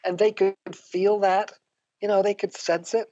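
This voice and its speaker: A woman's voice: medium pitch, little pitch movement, measured pace, warm tone, highs cut off. An older woman, a guest on a podcast, telling reflective personal stories and laughing often. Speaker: interview guest, psychotherapist. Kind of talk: conversational storytelling.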